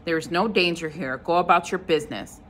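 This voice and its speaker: A woman voicing a broad-shouldered male officer loudly ordering a crowd to disperse. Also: fairly low pitch, brisk, slight background noise, lightly acted. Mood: commanding. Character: broad-shouldered military officer man, commanding.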